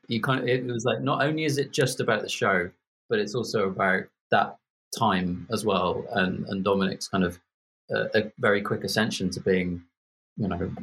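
Man, 40s, from Birmingham, husky low voice, rambling casual podcast guest. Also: a bit bright. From Birmingham, England. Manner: rambling, many fillers and restarts.

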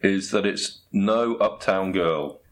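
Dry sceptical guy, kinda low voice, needling his mate. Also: takes it slowly. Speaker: comedy straight man. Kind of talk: dry comedy chat.

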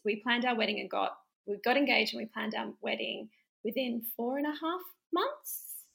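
Bubbly woman with gravelly edge. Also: on the high side, moderate pace, rough recording. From Australia. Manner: animated, acts out quotes with laughter. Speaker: interview guest. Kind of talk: casual storytelling.

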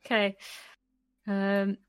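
A woman's voice: medium pitch, completely flat delivery, extremely slow, smooth. A woman player introducing her train-driver character in a put-on fictional accent, playful. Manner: laughs often, playful.

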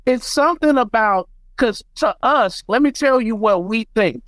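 An American man, a beatmaker guest on a podcast, telling stories in an animated, emphatic way. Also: very high voice, normal speed, no room sound, rough recording. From United States. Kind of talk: casual podcast chat.

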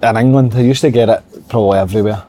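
A man's voice: lowish voice, very fast, dark tone. A man from Scotland with a Scottish accent, a former footballer, chatting as a pundit with a dry, wry humour. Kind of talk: casual football chat.

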